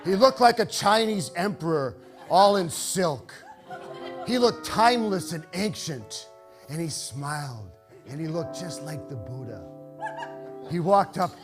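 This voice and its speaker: An older man telling a comic, personal story live on stage, wry and halting, with frequent restarts. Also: on the high side, big pitch swings, music in the background.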